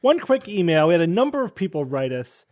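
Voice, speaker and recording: A man's voice: fairly high pitch, sing-song, fairly quick, darkish tone. A man hosting a podcast panel, thinking aloud with hedges and frequent restarts. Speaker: podcast host. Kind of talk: casual panel discussion.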